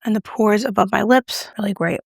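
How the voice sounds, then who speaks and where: Speaking a little fast in a gravelly, medium-pitched voice, this beauty vlogger reviews a product as she applies her makeup on camera. Her tone is playful and pokes fun at herself, captured in a dry, studio-quality recording.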